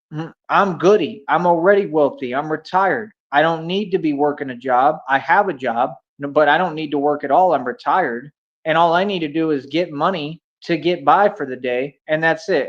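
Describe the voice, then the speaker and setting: A man hosting a livestream debate, combative and taunting, repeating himself and throwing in slang. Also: on the high side. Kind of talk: confrontational livestream argument. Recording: dull lo-fi stream audio.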